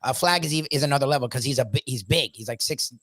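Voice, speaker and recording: A man co-hosting a casual sports talk show, excitable, laughing often and talking in quick bursts full of "like". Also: mid-range voice, no room sound.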